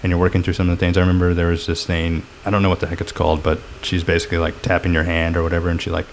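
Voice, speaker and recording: A middle-aged man with a deep, low voice talks through his experiences as a podcast guest. He rambles reflectively, stacking up fillers and restarts. A faint hum sits under the recording. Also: monotone, very fast. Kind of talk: casual podcast chat.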